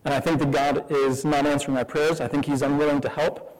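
A man's voice: a little high, little pitch movement, fairly quick, long reverb tail, low-quality recording. A man preaching a sermon as pastor, candid and conversational, asking the listeners many questions.

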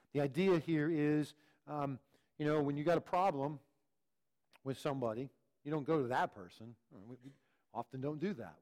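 Earnest preaching man, fairly high voice. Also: a little mellow. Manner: earnest teaching tone with frequent repeated words and restarts. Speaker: pastor. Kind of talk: sermon.

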